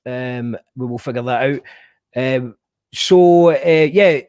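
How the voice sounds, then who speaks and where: A man's voice: mid-range voice, slow pace, a little mellow, clear, resonant tone, no room sound, studio quality. A man hosting a casual online show, rambling and joking as he thinks aloud. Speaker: podcast host. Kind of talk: casual chat.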